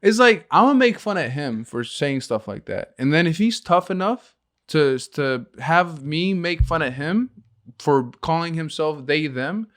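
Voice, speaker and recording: A man's voice: a little high, animated, measured pace, fairly bright tone. A young man co-hosting a casual podcast, talking brashly and profanely, laughing and acting out little scenes. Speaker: podcast co-host.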